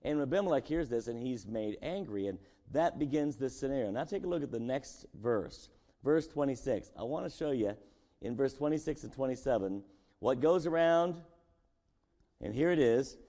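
A man's voice: mid-range voice, expressive, moderate pace, mellow. A man preaching a sermon as pastor, talking casually and asking his congregation rhetorical questions. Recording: long echo of a large hall.

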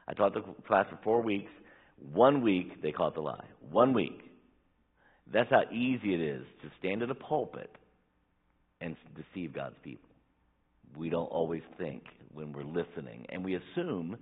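A man preaching a sermon as pastor, swinging between emphatic raised bursts and quiet asides. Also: low-pitched, animated, moderate pace, slightly rough. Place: church sanctuary. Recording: tinny phone-like church recording.

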